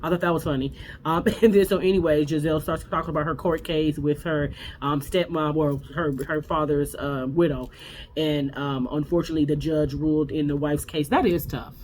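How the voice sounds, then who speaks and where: A woman's voice: sits low, steady tone, a little fast, darkish tone, a little hiss or hum. Sassy woman giving a blunt TV recap. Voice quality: blunt, sassy, candid, with frequent restarts. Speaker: reality TV recap host. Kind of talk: casual recap commentary.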